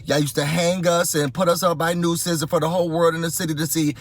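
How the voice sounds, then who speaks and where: A vlogger from Rochester, New York, rants casually to his viewers while driving his car, impassioned and emphatic, repeating points for weight. His voice is on the high side, brisk, with a flat delivery.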